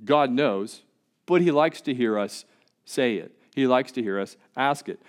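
A man's voice: mid-range voice, animated, unhurried. Male pastor, mid-range voice, conversational but emphatic sermon delivery. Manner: conversational and emphatic, with repeated words.

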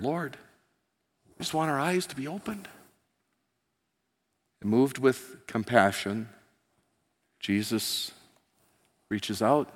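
A man preaching a sermon as pastor, telling the story in an animated way and acting out the characters. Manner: animated storytelling, voicing characters with rising pitch and volume. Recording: long hall reverb.

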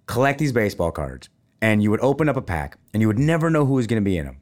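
A middle-aged man hosting a casual chat, playful and teasing, talking straight to his listeners. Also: fairly low pitch. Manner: animated, playful teasing, talks to listeners as folks. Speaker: podcast host.

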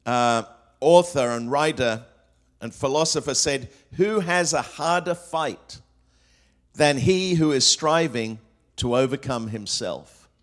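A man's voice: mid-range voice, a bit bright. Man preaching a sermon. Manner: preaching with rhetorical questions and quotes, frequent fillers and restarts. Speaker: pastor.

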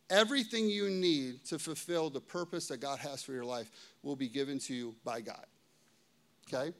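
A male pastor in his thirties preaching a sermon in a conversational way, often checking in with "okay?" and "right?". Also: a little high.

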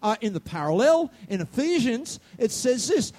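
High-pitched guy pastor preaching, really lively up and down, gets loud then goes quiet, keeps asking the crowd if they're with him. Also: normal speed, few pauses. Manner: animated preaching, swings from loud outbursts to low asides; asks the congregation questions. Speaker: senior pastor. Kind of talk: sermon.

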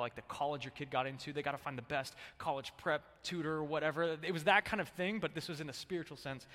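A man's voice: fairly high pitch, big-room sound. A male pastor preaching a sermon in a casual, conversational way, calling on the congregation to answer back. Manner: conversational, animated, prompts congregation to respond. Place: church sanctuary.

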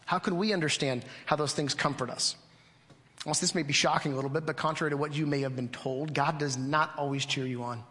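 In a hall with long reverb, a middle-aged pastor preaches to his congregation in an earnest, conversational way, often putting questions to the listeners. His voice is a little high, brisk, and sharp.

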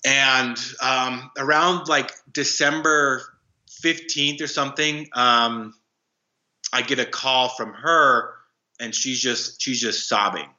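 A young man tells his story in a halting, restart-heavy way with a bright, forceful voice. His sound is roomy and a little dull and lo-fi. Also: medium pitch, fairly even intonation. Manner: halting, many fillers and restarts. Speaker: guest, anti-trafficking worker. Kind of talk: casual storytelling interview.

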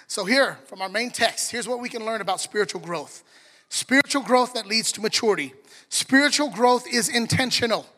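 High, bright-voiced man preaching. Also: moderate pace, long reverb tail. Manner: joking, conversational preaching with audience prompts. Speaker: pastor. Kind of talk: sermon. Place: church sanctuary.

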